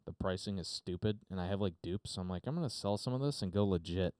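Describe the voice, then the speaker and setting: A man's voice: low-pitched, fast talker, darkish tone, smooth, dry recording. A man hosting a podcast, chatting unscripted on a live stream from his home studio, rambling with lots of fillers and casual swearing. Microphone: desk mic through a mixer.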